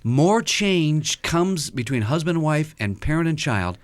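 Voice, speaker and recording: A man guesting as a counselor on a radio talk show tells stories with animation, acting out the quotes. His voice is fairly high and unhurried, and the sound carries no echo.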